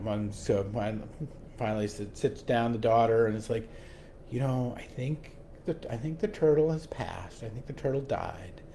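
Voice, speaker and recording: Halting pastor, mellow voice. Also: male voice, medium pitch, a little hiss or hum. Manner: halting, repeats words, tells stories. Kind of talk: sermon reflection.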